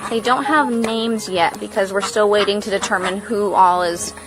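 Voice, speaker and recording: A woman's voice: fairly even intonation, normal speed, music in the background, rough recording. A woman giving a casual farm tour, chatting about her animals outdoors. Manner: chatty, cooing at animals in a high baby voice. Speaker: farm vlogger.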